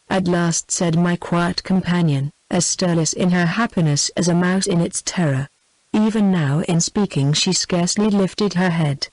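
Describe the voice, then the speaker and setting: A text-to-speech woman's voice with a British English accent, reading a classic novel aloud in an even, measured way. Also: fairly low pitch, no echo, poor audio. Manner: even, measured synthetic delivery. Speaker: audiobook narrator.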